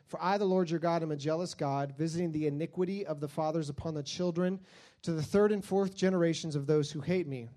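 A man with a high, light voice preaches a lively sermon. He talks casually and jokes as he goes, acting out the people in his stories with comic voices. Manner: animated storytelling, acts out silly voices; jokey, conversational preaching.

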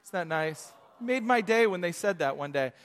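A man in his thirties, a pastor preaching a lively sermon with storytelling asides. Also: sits high, brisk.

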